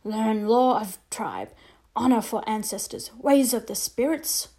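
A woman reading a storybook aloud, voicing a small, calm, proud male warrior who speaks in slow, clipped, broken phrases. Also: on the high side. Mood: insistent.

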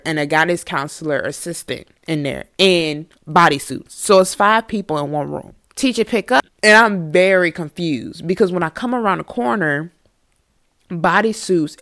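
Woman podcaster doing storytime, swears a lot, kinda low voice, dry close sound. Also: no echo. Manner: candid, profane, animated storytelling. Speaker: podcast host. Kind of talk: storytime monologue.

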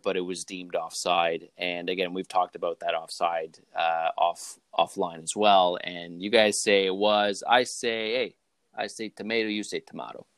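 Low-pitched male podcast co-host, jokey and relaxed, argues with a grin, dry sound. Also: no echo. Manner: joking, relaxed, argumentative. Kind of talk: casual chat.

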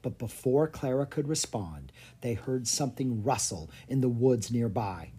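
A storyteller reading a children's fantasy chapter book aloud. The delivery is expressive and animated, with pitch swinging widely. The voice carries a soft, breathy huskiness. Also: unhurried. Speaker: audiobook narrator. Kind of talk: storybook narration.

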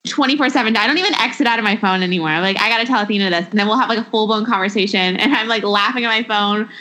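A young woman in her twenties co-hosts a casual podcast, her voice bright and sharp. She chats and giggles freely, her sentences loose and full of fillers. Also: medium pitch, racing, rough recording. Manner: giggly, chatty, lots of "like". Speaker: podcast co-host. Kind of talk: casual chat.

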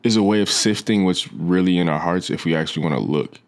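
Deep-voiced reflective male guest. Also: fast talker. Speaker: podcast guest. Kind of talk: casual faith conversation.

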